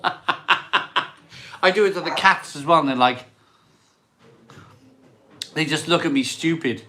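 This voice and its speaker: A man's voice: fairly high pitch, unhurried, pauses often, bright, forceful tone. A man, hosting a casual live stream, chatting and reading out viewer comments, rambling and repeating himself. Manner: chatty, rambling, repeats phrases, laughs often. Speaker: beer channel host reading live chat.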